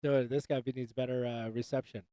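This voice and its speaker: A man's voice: mid-range voice, level tone, fairly quick, warm tone, smooth, no echo. A man hosting a casual livestream chat, joking loosely and swearing, calling everyone dude and bro. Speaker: livestream host. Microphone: desk microphone.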